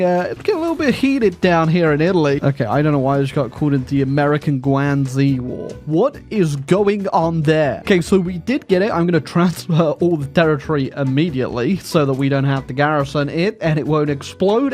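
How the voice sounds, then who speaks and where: A man giving casual, joking commentary over his own strategy game, full of fillers and dry asides. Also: on the high side. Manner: wry, joking, lots of fillers. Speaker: gaming YouTuber. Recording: faint background music.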